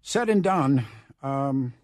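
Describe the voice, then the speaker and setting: A man's voice: mid-range voice, animated, slow, dry recording, clean studio sound. A man hosting a radio talk show, loose and joking, rambling between topics.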